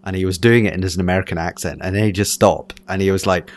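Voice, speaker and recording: Speaking fast in a low-pitched voice with fairly even intonation, this man has an accent blending Scottish and English. His casual chat rambles, full of fillers and restarts.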